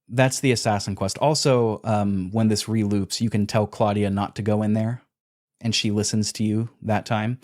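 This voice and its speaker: A man's voice: lowish voice, fairly even intonation, moderate pace, a little mellow. A man on a podcast, casually retelling video game quests and acting out character lines as he goes. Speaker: podcast co-host.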